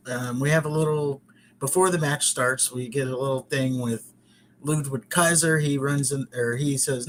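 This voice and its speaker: A man's voice: medium pitch, fairly even intonation, normal speed, a little hiss or hum. A man hosting a podcast, casually recapping wrestling in a chatty, rambling way with joking asides. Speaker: podcast host.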